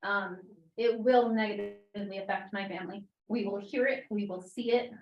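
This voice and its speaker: A woman's voice: mid-range voice, steady tone, moderate pace, highs cut off. A young mother speaking at a town meeting public comment, emotional and near tears. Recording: echoey meeting room, distant mic.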